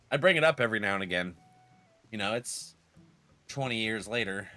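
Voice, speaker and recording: Game streamer, man in his thirties, stuffy with a cold, bright tone, swoops up and down, laughs a lot. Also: lowish voice, expressive, moderate pace, no room sound, soft background music. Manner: rambling storyteller, laughs often. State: has a cold. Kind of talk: casual gaming stream chat.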